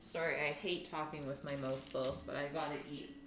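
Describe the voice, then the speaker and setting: A woman's voice: deep voice, fairly even intonation, fairly quick. A young woman hosting a casual live-stream cooking show from her home kitchen, chatting with viewers and reading their names out. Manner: chatty, reads chat names aloud, talks while eating. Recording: echoey kitchen, faint music.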